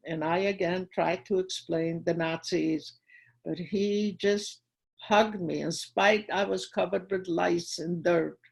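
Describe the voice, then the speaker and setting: An older woman tells her own story with a gravelly, fry-tinged voice. Her tone is husky rather than clear, and she acts out the dialogue vividly. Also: lowish voice, a little slow, darkish tone, poor audio. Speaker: guest speaker at a school. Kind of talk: personal testimony storytelling.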